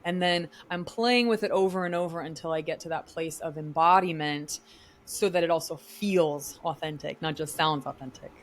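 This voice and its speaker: A woman's voice: low voice, moderate pace, a little hiss or hum. A woman who works as an actor and vocal coach, answering podcast interview questions in an articulate, explanatory teaching tone.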